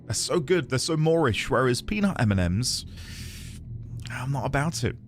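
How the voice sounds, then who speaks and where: Lively, chatty man streaming. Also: medium pitch, moderate pace, soft background music. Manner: chatty, rambling, greets viewers by name. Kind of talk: casual chat with viewers.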